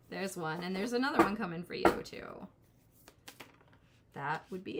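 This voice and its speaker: A woman's voice: fairly low pitch, animated, normal speed, pauses often, noisy background. A woman in her forties giving a casual live-stream tarot reading, rambling and cutting herself off as she talks to her chat viewers. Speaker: tarot reader.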